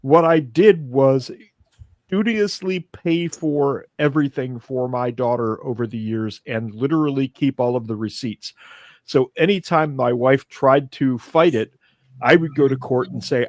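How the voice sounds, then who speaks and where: A man's voice: medium pitch, a little slow, darkish tone, no room sound. Blunt profane male podcast host. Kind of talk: podcast chat.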